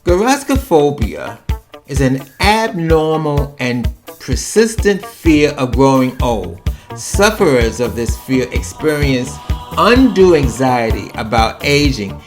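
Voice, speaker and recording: Slow, lively-voiced wry man host. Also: fairly high pitch, faint music behind. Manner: chatty, wry, digressive. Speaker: podcast host. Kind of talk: monologue about personal fears.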